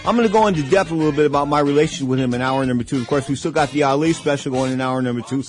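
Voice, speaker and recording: A man's voice: mid-range voice, very fast, faint music behind. A man in his sixties hosting a radio talk show, telling long, rambling stories that drift from topic to topic. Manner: rambling, digressive storytelling.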